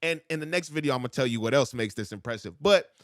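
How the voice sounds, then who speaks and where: A man's voice: mid-range voice, animated, fast, no echo, studio quality. A man coaching rap flow, explaining syllables and stress and rapping example lines back in a bouncy cadence. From United States. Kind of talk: breaking down rap verses.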